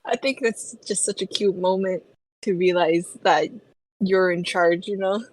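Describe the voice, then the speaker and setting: A woman's voice: fairly low pitch, fairly even intonation, measured pace, rough recording. Chatty woman podcast co-host. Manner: chatty, many "like"s and "you know"s, laughs often. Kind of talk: casual book discussion.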